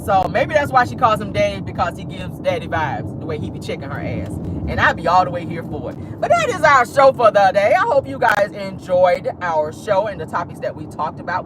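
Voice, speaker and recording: A woman's voice: lowish voice, noisy background. A woman vlogger giving casual, sassy celebrity gossip commentary from inside a car, dropping 'honey' and 'baby' into her talk. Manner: sassy, drawling, full of 'honey' and 'baby' asides.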